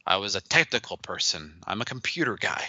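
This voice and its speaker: In a podcast interview, a middle-aged man who founded a business shares stories, performing the quoted dialogue with lots of animation. He has a low-pitched voice and speaks fairly quickly. The recording is dry and the audio dull.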